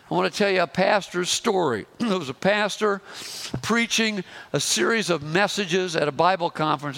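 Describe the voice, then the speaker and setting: A man preaching a sermon as pastor, slowing down and pressing hard on key phrases. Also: high-pitched, creaky, fairly bright tone. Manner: emphatic, slows and rises on key phrases.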